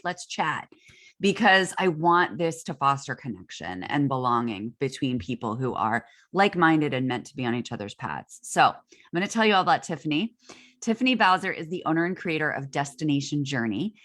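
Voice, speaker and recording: A woman's voice: sits low, a bit bright. A woman hosting a podcast while she has a cold, talking in a bubbly, effusive way on a video call. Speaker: podcast host. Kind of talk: casual interview chat.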